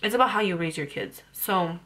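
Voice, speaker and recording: A woman's voice: lowish voice, expressive, a little fast, a bit bright. A young woman ranting bluntly about parenting on her vlog, heated and full of swearing. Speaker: parenting vlogger.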